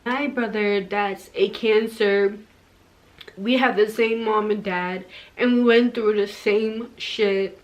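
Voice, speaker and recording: A young woman vlogger tells a personal story time casually, saying "like" a lot and turning emotional and tearful in places. Her voice is mid-range, steady in tone, and slow.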